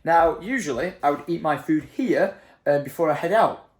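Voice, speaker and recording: Male vlogger, 30s, easygoing and playful, very animated pitch. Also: moderate pace. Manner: chatty and jokey, lively swings in pitch. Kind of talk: casual vlog chat.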